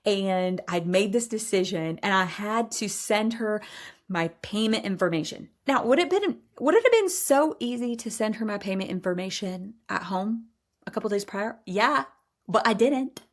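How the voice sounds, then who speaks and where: A woman's voice: mid-range voice, lively intonation, moderate pace. A woman in her forties hosting a podcast, telling personal stories in a candid, emphatic way and laughing now and then. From Iowa. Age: 40s. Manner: candid, emphatic, says y'all, laughs often. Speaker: podcast host. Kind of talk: personal storytelling monologue.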